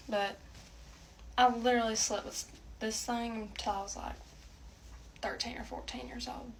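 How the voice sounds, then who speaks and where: A woman's voice: fairly high pitch, a bit bright, recorded from a distance, a little hiss or hum, poor audio. A woman chatting casually and self-mockingly in a confessional clip.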